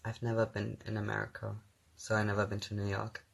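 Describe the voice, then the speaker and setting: A man's voice: on the low side, completely flat delivery, brisk, vocal fry. A young man answering viewer comments on a phone livestream in a casual, teasing, playful way, laughing often. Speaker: livestream host reading comments.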